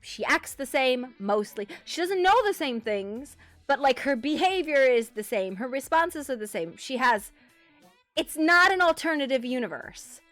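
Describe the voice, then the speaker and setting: A woman's voice: high voice, sing-song, measured pace, a bit bright, no echo, faint music behind. A woman streamer chatting casually about her roleplay character, rambling with fillers, swearing and laughs. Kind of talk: casual live-stream chat.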